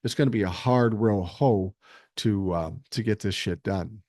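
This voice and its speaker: A man talks through a casual livestream, reading viewer comments aloud and answering them. His voice sits fairly low, and he speaks bluntly and reasonably, swearing freely. The sound is dry and close, with no room echo. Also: unhurried, darkish tone. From Minnesota, USA. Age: 60s. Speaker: podcast host reading live chat.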